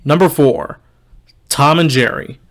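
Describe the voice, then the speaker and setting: Young man, slightly high voice, wry, blunt, casual video review. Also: animated, unhurried, a bit bright. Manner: candid, wry and opinionated. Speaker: movie reviewer.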